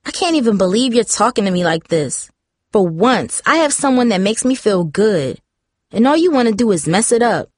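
A woman reading the part of a bold, touchy teenage girl in a storybook, pushy and quick to take offense. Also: mid-range voice, very animated, dry recording, clean studio sound. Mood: defensive. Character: teen girl, bold and defensive.

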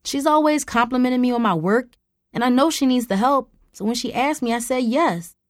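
A woman's voice: fairly high pitch, fairly quick, no echo, clean studio sound, pitched above the performer's own voice, lightly acted. A woman voicing a guilty, defensive sixteen-year-old girl who pleads with her mother. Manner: defensive and hesitant.

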